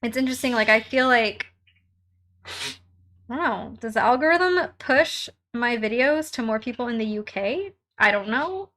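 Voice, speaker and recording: A woman's voice: fairly high pitch, lively intonation, moderate pace, a bit bright. A young woman hosting a casual live stream from home while crafting, chatting with viewers and reading their comments aloud in a bubbly way, laughing often.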